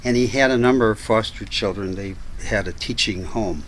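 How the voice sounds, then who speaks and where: A man's voice: fairly low pitch, normal speed, a little hiss or hum, low-quality recording. An older man, a guest on a talk show, telling family stories in a chatty, anecdotal way and laughing as he goes. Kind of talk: casual storytelling chat.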